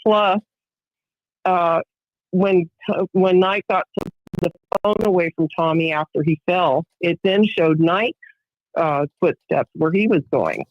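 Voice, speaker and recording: A woman's voice: fairly low pitch, takes it slowly, no echo. A middle-aged woman speaks as a podcast guest, telling a painful personal story in vivid detail. She acts out what others said as she goes. The sound is close and dry, with a dull lo-fi tone. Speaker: interview guest. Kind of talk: emotional personal account.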